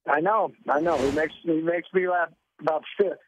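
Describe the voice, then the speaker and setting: A man's voice: fairly high pitch, steady tone, moderate pace, slight background noise. A man in his forties, a guest on a radio talk show, joking and rambling with lots of restarts. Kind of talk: casual radio interview. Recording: dull lo-fi radio sound.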